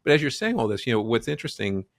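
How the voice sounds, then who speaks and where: A middle-aged man co-hosting a business podcast, speaking in a measured way and explaining points with analogies. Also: medium pitch, very animated, no echo, studio quality. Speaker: podcast co-host, banking advisor. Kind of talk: casual business podcast chat.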